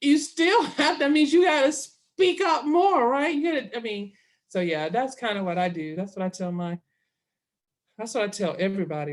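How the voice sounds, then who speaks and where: A woman's voice: on the high side, moderate pace. A middle-aged woman telling a long story in a casual interview, acting out both sides of the conversation. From Southern US. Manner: animated, quotes herself and others in dialogue.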